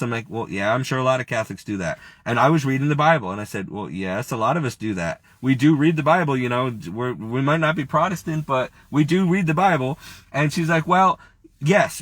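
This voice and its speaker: A man's voice: mid-range voice, fairly bright tone, no echo. A man telling an emotional personal testimony, near tears and earnest, quoting others as he goes. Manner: earnest, tearful, quotes others in his own voice. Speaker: storyteller.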